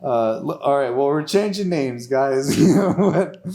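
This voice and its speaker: A man's voice: medium pitch, lively intonation, a little slow, mellow. A young man hosting an improvised comedy podcast, narrating the story, laughing often and stumbling over restarts.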